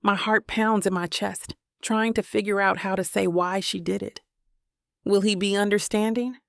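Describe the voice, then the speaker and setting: A woman narrating a romance audiobook in the first person, with steady, even storytelling. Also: mid-range voice, normal speed, creaky, no echo, studio quality.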